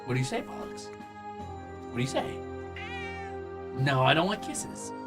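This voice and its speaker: A man's voice: mid-range voice, big pitch swings, measured pace, loud music behind the voice. A young man streaming casually, coaxing and teasing his pets with a playful, casual cursing manner. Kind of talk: casual live stream chat.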